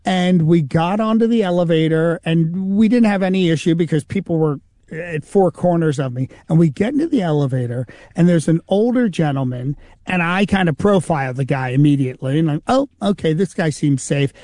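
A man's voice: on the high side, brisk, no room sound, studio quality. A man, a comedian and impersonator, telling anecdotes in an interview and acting out the people he quotes. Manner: animated anecdotal storytelling, acts out quoted voices. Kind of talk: interview storytelling.

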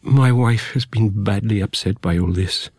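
A man reading the lines of a lean, courteous middle-aged father of three in a measured, polite way, close to his own voice. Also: on the low side, a little mellow, slightly rough, no room sound. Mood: calm, polite.

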